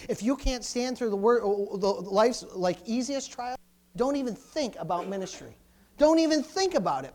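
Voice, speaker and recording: A male pastor with a very high voice preaches with rising fervor. He climbs to loud, urgent bursts and then sinks back to a low, quiet delivery. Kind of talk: sermon.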